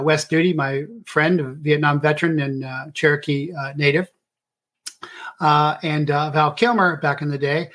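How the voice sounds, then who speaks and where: A man's voice: on the high side, a bit bright. A middle-aged man hosting his own show, talking in a rambling monologue full of filler "uh"s. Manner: rambling with many filler uhs. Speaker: show host. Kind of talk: casual monologue.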